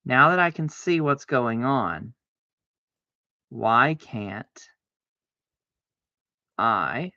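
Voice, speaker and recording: A man streaming a card game, chatting casually to himself, arguing back and forth aloud with sudden excited exclamations. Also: mid-range voice, extremely slow, long pauses, no room sound, lo-fi sound. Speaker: livestreamer playing solitaire. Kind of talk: casual self-talk while gaming.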